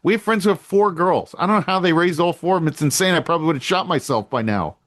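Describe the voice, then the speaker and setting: A middle-aged man co-hosting a wrestling-talk style podcast in a casual chat, with a fairly high voice for a man. He tells his stories with animation and jumps up sharply in pitch when he acts out what people said. The sound is dry and close. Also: quick pace, a bit bright, dry recording. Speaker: podcast co-host; girls flag football coach.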